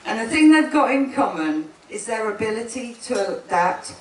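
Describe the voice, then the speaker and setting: A woman's voice: fairly high pitch, big pitch swings, moderate pace. A woman, the twin sister of one bride, giving a chatty wedding speech, laughing often and breaking off mid-sentence. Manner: chatty, laughing, self-interrupting. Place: wedding gathering indoors. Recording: echoey room, speaker far from the mic.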